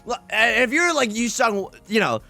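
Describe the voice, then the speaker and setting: A young man hosting a casual let's play, talking in an animated, rambling way and laughing often. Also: extremely high pitch, moderate pace, soft background music. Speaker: host of a game channel.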